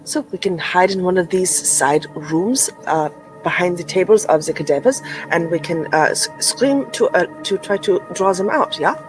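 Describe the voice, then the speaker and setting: A player in a tabletop role-playing game, talking in a chatty, easily excited way. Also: medium pitch, normal speed, faint music behind, rough recording.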